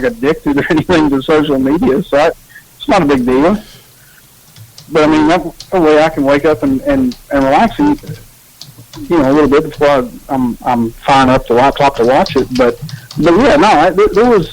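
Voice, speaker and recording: A man with a fairly high voice chats casually as a podcast co-host. He rambles in a relaxed way and restarts his sentences often, and the recording has a radio-like broadcast sound. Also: a little hiss or hum, poor audio. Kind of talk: casual chat.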